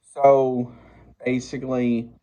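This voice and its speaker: Man in his 60s, casual film recap, slow and hesitant, mid-pitched voice, lots of fillers. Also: little pitch movement, warm tone, low-quality recording. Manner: halting, many fillers and restarts. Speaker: movie reviewer.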